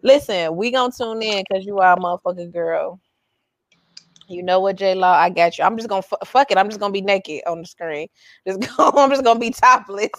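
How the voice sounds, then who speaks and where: A woman's voice: medium pitch, fairly quick, dry recording, clean studio sound. A woman co-hosting a podcast in casual chat, swearing, teasing and laughing often. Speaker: podcast co-host.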